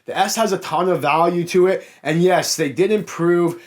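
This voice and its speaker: A young man with a Canadian accent from the Niagara area, with a voice that sits a little high for a man. He answers viewer comments in a casual Q&A. He talks frankly and chats straight to the viewers. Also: moderate pace, darkish tone. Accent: Canadian, Niagara Ontario. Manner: frank, chatty, addresses viewers as guys. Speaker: car salesman and YouTube host.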